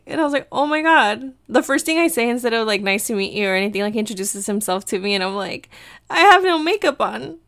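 A woman's voice: medium pitch, no room sound. A young woman vlogger recounts her week in a chatty, laughing way and drops Spanish phrases into her talk. The recording is dry and close, with no room sound. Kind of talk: casual storytelling vlog.

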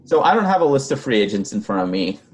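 A young man co-hosting a casual sports podcast, a bit hoarse from losing his voice, rambling with fillers and restarts as he answers listener questions. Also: lowish voice, sing-song, fast. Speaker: podcast co-host.

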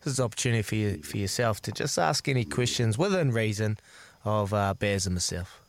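A man's voice: on the low side, expressive, a little fast, no room sound. A man co-hosting a breakfast sports radio show, teasing and playful. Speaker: radio co-host.

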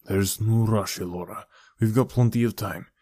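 A guarded older uncle from a storybook, his voice low and hushed, measured and steady, as a male narrator reads him. The recording is dry and close. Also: no echo, close to an everyday voice. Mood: calm. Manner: quiet and measured.

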